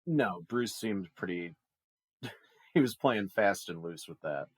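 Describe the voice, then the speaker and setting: A man with a very low voice in casual podcast talk, wry and amused, laughing his way through his complaints. His voice sits close and dry on the mic. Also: animated, takes it slowly, breathy edge, no echo. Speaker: podcast co-host. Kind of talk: casual movie review chat.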